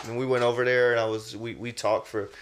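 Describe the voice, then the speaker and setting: A man's voice: mid-range voice, flat delivery, fast, slight background noise. A young adult man hosting a podcast, telling stories loosely and casually, full of "you know what I mean" and "man". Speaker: podcast host. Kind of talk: casual interview chat.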